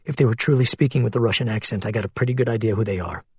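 A man voicing a tense, anxious man on the run, speaking low and hushed in an audiobook. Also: racing, breathy edge, dry recording.

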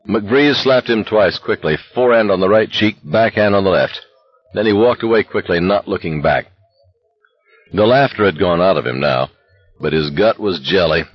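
A man narrating an audiobook in a steady, intense voice. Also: low voice, no echo, muffled recording. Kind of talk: scripted narration.

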